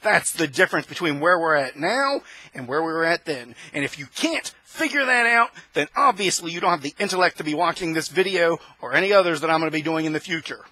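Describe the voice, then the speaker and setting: A male host in a fiery, preaching monologue, his voice high and husky with a sharp, forceful edge. He climbs into shouts as he presses his points. The sound is close and dry. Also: animated, brisk, dry recording, low-quality recording. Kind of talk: impassioned opinion monologue.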